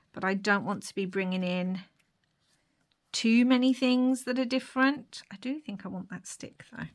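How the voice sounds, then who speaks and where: A young woman chatting casually to her viewers while she crafts, laughing often and dropping into soft whispered asides. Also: medium pitch. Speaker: craft vlogger.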